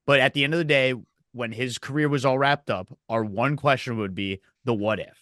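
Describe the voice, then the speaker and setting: A man co-hosting a casual wrestling review podcast, telling events in an animated way with acted quotes. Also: mid-range voice, brisk, dry recording, studio quality. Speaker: podcast co-host.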